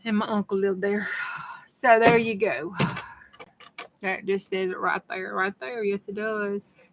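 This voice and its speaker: Amid a noisy background, a middle-aged woman who makes craft vlogs chats folksily to her viewers while working on a project. Her mid-range voice stays steady at a measured pace.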